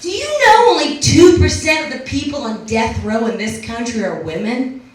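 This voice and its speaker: A woman's voice: a little high, animated, normal speed. A young adult woman doing a brash, profane, self-mocking stand-up set in a small club. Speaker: stand-up comedian. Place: small club with a live audience. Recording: distant mic in an echoey room with a laughing crowd.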